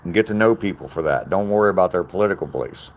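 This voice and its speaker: Deep-voiced older man. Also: animated, quick pace. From Southern US. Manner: plain-spoken, answers viewer comments directly. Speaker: live streamer. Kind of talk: casual live-stream chat.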